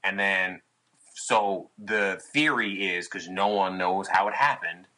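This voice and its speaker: Young man, low voice, bright and forceful tone, swears a lot, casual podcast storytelling. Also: slow pace, low-quality recording. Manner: profane, animated, acts out his own past lines. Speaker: podcast guest, touring musician.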